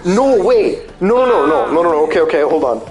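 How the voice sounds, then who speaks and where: A man's voice: fairly high pitch, a little fast. A man streaming a game, chatting casually and ranting with plenty of swearing. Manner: profane, animated ranting. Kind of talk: casual chat while gaming.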